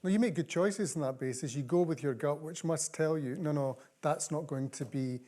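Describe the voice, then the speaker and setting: A woman interviewing a guest onstage, speaking in a measured, thoughtful way. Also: deep voice, dark tone. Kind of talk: live onstage conversation.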